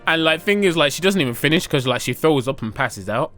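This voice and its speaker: A man tells a messy story in a loose, slang-heavy rush, his pitch leaping up and down as he goes. He sits a little above the usual male pitch. Faint music plays beneath the chat. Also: fast. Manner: animated, slangy, jumps into high squeaky voices for characters. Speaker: podcast co-host recapping a manga. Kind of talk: casual comedic recap with acted quotes.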